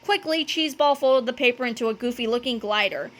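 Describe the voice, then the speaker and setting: A woman reading a children's book aloud, telling the story with animated delivery and dramatic sound words. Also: a little high, fast. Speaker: narrator.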